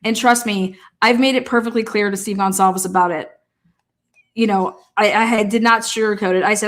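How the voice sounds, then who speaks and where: A woman talking through a case in a casual livestream, rapid, heated and full of swearing. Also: mid-range voice, fairly even intonation. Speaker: true-crime commentator.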